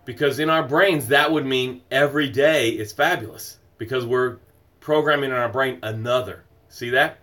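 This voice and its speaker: A man's voice: mid-range voice, normal speed. A man hosting a morning motivational livestream, emphatic and repetitive, greeting viewers by name and guiding breathing exercises. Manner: swings from loud exclamations to soft breathing guidance. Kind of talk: motivational live stream talk.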